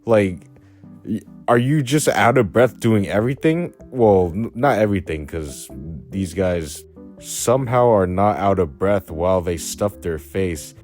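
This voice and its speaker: A man's voice: lowish voice, unhurried, a little mellow. A young man ranting casually in a blunt, crude, slang-heavy way, mocking as he goes. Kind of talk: casual rant to camera. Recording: faint music behind.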